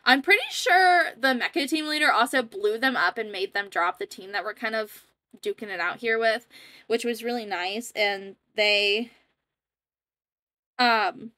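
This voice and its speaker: A woman's voice: medium pitch, pushed and bright, no room sound. A young woman casually rambling as she comments over her own gameplay footage, chatty and self-deprecating. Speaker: gaming YouTuber.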